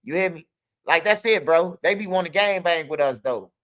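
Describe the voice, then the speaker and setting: A young man hosting a channel tells street stories in a loose, casual, streetwise monologue, peppering his talk with "bro" and "you hear me." His voice is on the high side, expressive and a bit bright, at normal speed, with the highs cut off in the recording.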